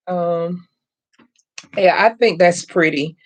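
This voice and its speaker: A middle-aged woman hosts a live crafting stream, talking slowly and easily to her viewers. Her voice sits a bit low. She chats casually and calls everyone y'all. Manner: chatty, addresses viewers as y'all, greets chat by name. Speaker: craft channel host.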